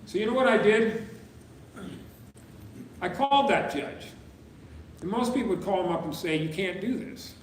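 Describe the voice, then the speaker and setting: A man in his sixties from Utah gives a campaign-speech anecdote in a fairly high voice. He acts out the back-and-forth of the story as he goes. The sound is echoey and picked up from a distance. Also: animated, normal speed, long pauses, a little hiss or hum. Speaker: political candidate. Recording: echoey room, distant mic.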